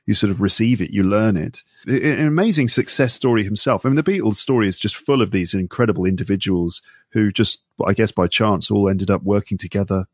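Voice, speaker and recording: A man's voice: lowish voice, slightly rough, no room sound, clean studio sound. Curious male podcast co-host. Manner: curious, asks questions and sums up points. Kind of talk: casual conversational discussion.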